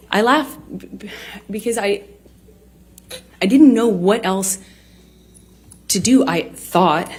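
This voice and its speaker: Halting woman giving court testimony. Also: mid-range voice, darkish tone, breathy edge. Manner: halting, many restarts and fillers.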